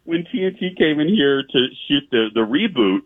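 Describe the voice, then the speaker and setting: A man's voice: a little high, very animated, normal speed, no room sound, voice pushed up. A man doing a spirited old lady guide. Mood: gossipy. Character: spirited older Texan woman tour guide. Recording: dry tinny phone-like line.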